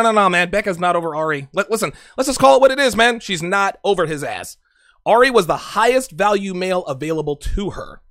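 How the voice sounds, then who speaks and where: A man's voice: high-pitched, fairly bright tone, no room sound, clean studio sound. A man giving blunt, profane casual commentary on a TV show, talking straight to his viewers.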